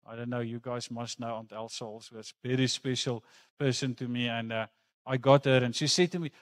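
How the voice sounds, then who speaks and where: A man's voice: mid-range voice, steady tone, fairly quick. A man preaching a sermon in a church, talking earnestly and conversationally and mixing in personal stories. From South Africa. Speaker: pastor.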